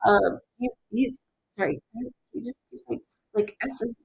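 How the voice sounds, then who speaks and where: A woman giving a live-streamed psychic reading in an animated, rambling way, with many fillers and restarts. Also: fairly high pitch, unhurried, creaky, husky, no echo, rough recording. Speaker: psychic medium.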